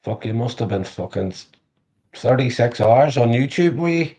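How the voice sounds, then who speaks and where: A man's voice: mid-range voice, animated, normal speed, dark tone, slightly rough. A man chatting casually on a livestream, crude and joking, swearing freely. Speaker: livestream co-host. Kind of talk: casual live chat.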